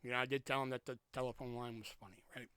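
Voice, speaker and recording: A young man hosting a podcast, telling a story as a profane, ranting monologue and jumping up in pitch when he quotes himself. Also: very fast, smooth, no room sound, clean studio sound. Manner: animated, jumps high when quoting himself. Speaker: podcast host. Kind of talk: casual monologue.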